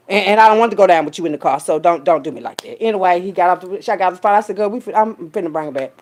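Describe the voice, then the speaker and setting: A woman, telling a story in a casual rant full of profanity and swinging between loud, high bursts and low, quiet asides. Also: rapid-fire, few pauses. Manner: animated, profane, streetwise storytelling with big pitch jumps when quoting people. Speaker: vlogger.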